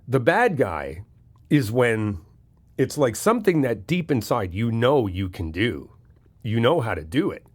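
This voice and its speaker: A man's voice: mid-range voice, very animated, a little slow, slightly rough. A frank, swearing man giving reassurance. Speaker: comforting best friend giving advice. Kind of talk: comfort audio role-play.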